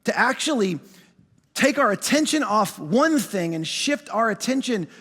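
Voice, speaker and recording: A high-pitched male pastor preaching in a big church auditorium, his words trailing off into a long echo. He leans hard on his key phrases and repeats himself for emphasis, stretching certain words out slowly. His lines reach the room through a stage microphone. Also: very animated, fairly bright tone. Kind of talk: sermon.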